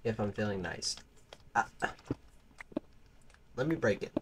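Brief: man casually commentating a game, joking and rambling, slow delivery. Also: fairly low pitch, animated, a little hiss or hum. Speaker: gaming channel host.

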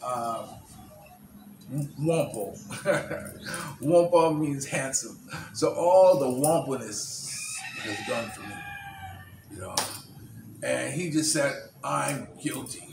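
A man casually retelling a movie plot for his channel, in halting speech full of "you know" and restarts. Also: medium pitch, animated, vocal fry, noisy background. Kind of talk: casual storytelling. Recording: roomy distant recording, birds chirping.

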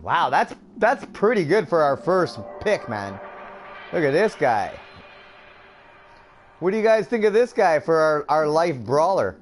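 A man's voice: on the high side, big pitch swings, a little slow, pauses often, a little hiss or hum. A man from Canada chatting upbeat with viewers as a gaming streamer, laughing often. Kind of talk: casual let's-play commentary.

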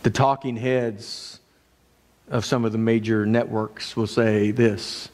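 A man preaching a sermon as pastor, earnest, moving between raised and hushed delivery. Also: fairly low pitch, little pitch movement, slow. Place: church sanctuary. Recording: long church reverb.

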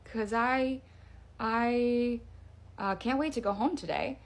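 A woman's voice: fairly high pitch, slow. Woman telling a spooky story. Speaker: storyteller in a social video clip.

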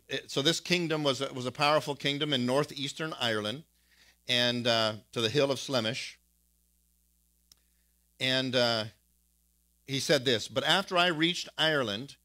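A male pastor preaching a sermon in an animated, storytelling way, reading old quotations aloud with casual fillers. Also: medium pitch.

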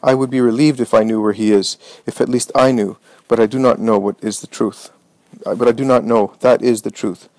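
A man's voice: medium pitch, fairly even intonation, fairly quick, a little mellow, no room sound, natural voice. A man voicing Martha, a grieving, anxious woman who pleads and protests in distress. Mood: distraught.

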